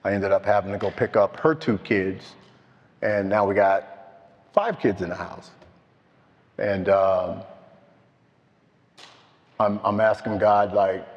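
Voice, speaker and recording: Slow, heartfelt older man in an echoey hall. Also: on the low side. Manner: slow, halting, heartfelt storytelling. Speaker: recovery meeting speaker. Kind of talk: personal testimony. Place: meeting hall. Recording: dull, with long hall echo.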